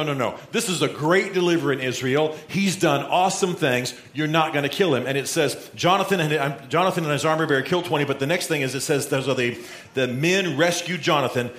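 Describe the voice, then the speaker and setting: A male pastor preaching a sermon, telling a Bible story and acting out the quotes with lively, conversational energy. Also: fairly high pitch. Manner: storytelling, animated, acts out quotes. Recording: roomy echo.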